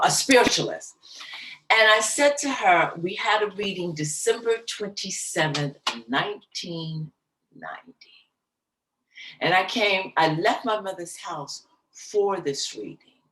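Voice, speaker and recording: A middle-aged woman, a jazz singer as guest, slowly and emotionally telling a personal story in an interview. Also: mid-range voice, lively intonation, reverberant, recorded from a distance, rough recording. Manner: slow, soft, emotional recounting. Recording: voice slightly off-mic, faint background noise.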